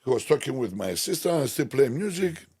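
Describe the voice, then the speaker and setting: Animated husky man. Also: medium pitch, fast. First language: Greek. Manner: animated, emphatic, repetitive, broken English. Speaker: DJ guest. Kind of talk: storytelling interview chat.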